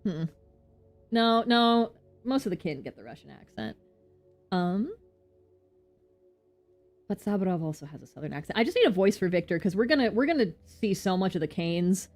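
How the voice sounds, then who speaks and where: A woman streamer chatting excitedly while playing a game. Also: mid-range voice, normal speed, pauses often, soft background music.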